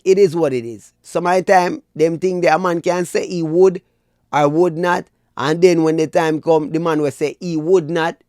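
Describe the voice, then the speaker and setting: A man's voice: a little high, no room sound, clean studio sound. Jamaican man in preachy vlog commentary. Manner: animated, preachy, addresses viewers as "people". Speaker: dancehall commentary vlogger. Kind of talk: opinionated commentary.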